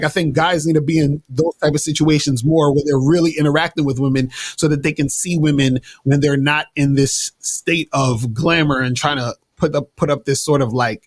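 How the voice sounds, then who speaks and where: As a guest in a casual interview, a man with a fairly high-pitched voice tells laid-back, slang-heavy dating stories, frequently restarting his sentences. The recording is dry.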